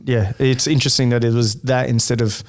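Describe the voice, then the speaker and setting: A man's voice: medium pitch, fairly even intonation, brisk. A man hosting an interview podcast, summing up his guest's story and steering the conversation. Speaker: podcast host. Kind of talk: interview questions.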